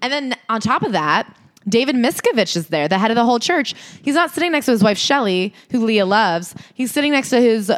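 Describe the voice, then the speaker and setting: A woman co-hosting a podcast, casually recapping a memoir with animated storytelling and some swearing. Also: fairly high pitch, fairly quick. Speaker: podcast co-host. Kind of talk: casual chat, book recap.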